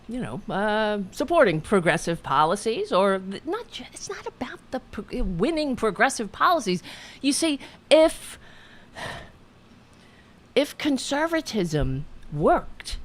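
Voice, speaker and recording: A woman hosting a political commentary show, ranting angrily with cursing and halting restarts. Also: mid-range voice. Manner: profane, heated, halting restarts. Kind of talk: angry political rant.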